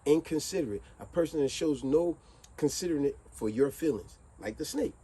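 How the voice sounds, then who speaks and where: A streetwise man speaks straight to camera in a preachy, animated monologue. His pitch swoops and climbs often. His voice is slightly high yet soft and mellow. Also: a little fast, slightly rough, rough recording. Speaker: vlogger. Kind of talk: motivational monologue with fable.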